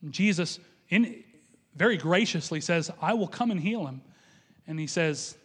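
High-voiced male preacher, quotes scripture and voices its figures, echoey church hall. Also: lively intonation, normal speed, slightly rough. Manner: quotes scripture aloud and acts out the speakers in it. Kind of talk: sermon.

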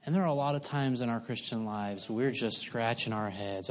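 A man's voice: mid-range voice, moderate pace, slight background noise. A middle-aged man preaching, telling a folksy, self-mocking story with humor. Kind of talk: sermon.

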